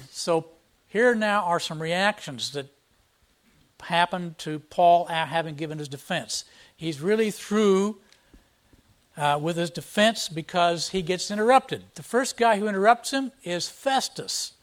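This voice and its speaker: Male pastor, higher-pitched voice, emphatic expository preaching. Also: a little slow, a bit bright. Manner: emphatic, reads scripture aloud with rising force; plain explanatory teaching tone. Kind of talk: expository sermon.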